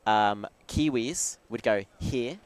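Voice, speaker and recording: Smooth and medium in pitch, this man's voice keeps a moderate pace. A talkative UK stream commentator, he chats casually, cracks jokes, and often restarts sentences midway.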